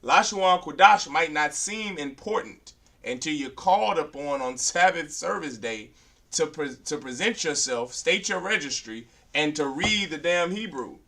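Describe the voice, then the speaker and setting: A man's voice: a little high, animated, a little slow, bright, forceful tone, recorded from a distance. A man teaching a beginner language class, drilling letters aloud and then lecturing firmly.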